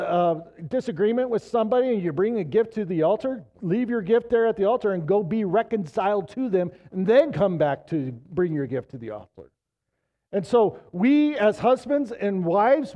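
A man in his fifties, a pastor preaching a sermon in a casual, conversational way, swinging from loud emphasis to low, quiet appeals. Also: lo-fi sound.

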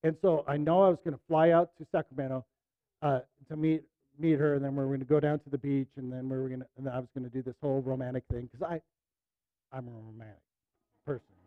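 A middle-aged man preaching a sermon, telling a personal story in a conversational way, dropping to soft asides and rising to emphatic bursts. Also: mid-range voice, fairly even intonation, fast talker, no echo, narrow, tinny audio. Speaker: pastor.

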